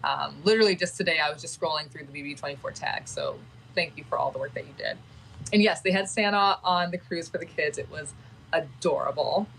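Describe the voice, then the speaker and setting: Woman, livestream chat, gushing, sentimental, lowish voice. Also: brisk, vocal fry, fairly bright tone, a little hiss or hum, low-quality recording.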